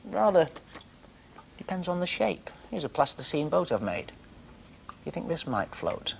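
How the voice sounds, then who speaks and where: Man, children's TV presenter, slow and gentle, slightly raised pitch, faint hiss. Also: big pitch swings, gravelly. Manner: gentle, playful, talks to young viewers.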